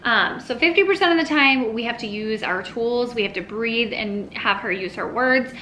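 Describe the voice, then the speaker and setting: A woman with a fairly high, bright, crisp voice chatting casually to camera as a parenting vlogger. She talks in an easy, rambling way with lots of little asides, a faint hiss running under the recording. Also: moderate pace, low-quality recording. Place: at home with her toddler nearby.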